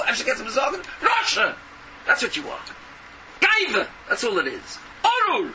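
A man delivers a fervent, scolding sermon full of rhetorical questions. His voice sits very high and swings widely. He is heard from a distance on a noisy recording. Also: huge pitch swings, moderate pace, muffled recording. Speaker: preacher. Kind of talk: impassioned sermon.

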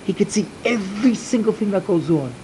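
A man telling a religious folk tale in the first person, slow and dramatic at times. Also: high voice, animated, dark tone, a little hiss or hum, low-quality recording. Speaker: storyteller.

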